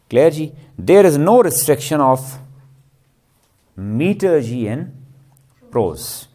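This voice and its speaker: Man lecturing, mellow voice. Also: fairly high pitch, sing-song, slow pace, long pauses. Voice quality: repetitive, question-and-answer teaching style. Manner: checks understanding with frequent "clear?" and "ji". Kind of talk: classroom lecture.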